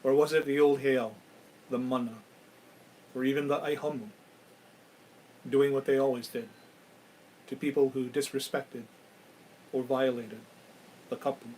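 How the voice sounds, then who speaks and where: Hushed dramatic male storyteller. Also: medium pitch, steady tone, measured pace, long pauses, slight background noise, rough recording. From Hawaii. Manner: dramatic, dropping to a hush at key moments. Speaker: storyteller and host. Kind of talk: live ghost-story telling.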